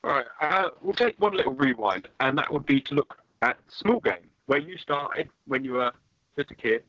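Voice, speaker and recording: A man hosting an interview, asking leading questions in a relaxed conversational way. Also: medium pitch, moderate pace, dry recording, muffled recording. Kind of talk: casual interview talk.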